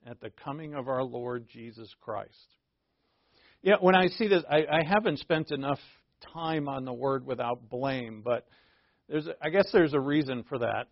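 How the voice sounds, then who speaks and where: A man preaching a sermon as a pastor, teaching conversationally with asides and self-corrections, and slowing down to stress key words. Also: medium pitch, creaky, no room sound. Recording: dull, lo-fi dry recording.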